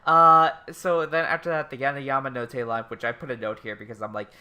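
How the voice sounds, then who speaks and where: A man co-hosting a podcast in casual chat, talking excitedly, swearing freely and acting out quotes in animated voices. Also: medium pitch, fairly quick. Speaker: podcast co-host.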